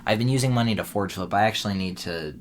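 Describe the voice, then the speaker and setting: A man with a very low voice chats casually on a podcast, dry and teasing in his asides. He is from Minnesota. A faint hiss sits under his recording. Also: quick pace. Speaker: podcast co-host. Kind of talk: casual chat.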